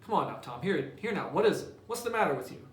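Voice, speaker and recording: A man reading aloud and voicing a frightened young boy, pleading in a high, urgent voice. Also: sing-song, fast talker. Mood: alarmed. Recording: echoey room, distant mic, faint hiss.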